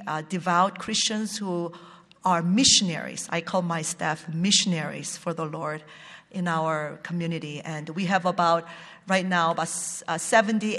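A church language-ministry director telling a personal testimony, halting along with many fillers and restarts. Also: mid-range voice, a bit bright, in a large hall.

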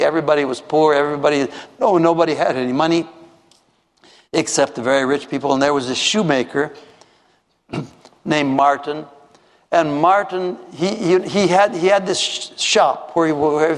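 Man, storytelling preacher, slightly high, animated, acts out voices, reverberant hall. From Minnesota. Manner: animated, acts out voices in his stories, many restarts. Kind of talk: storytelling sermon. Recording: echoey hall.

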